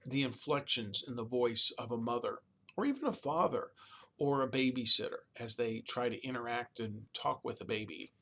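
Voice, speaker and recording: A man at a middle pitch delivering a recorded college lecture. He talks conversationally and keeps checking in with "okay?" and "all right?". Now and then he imitates a baby's babble. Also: moderate pace, a bit bright. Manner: demonstrates baby babbling sounds.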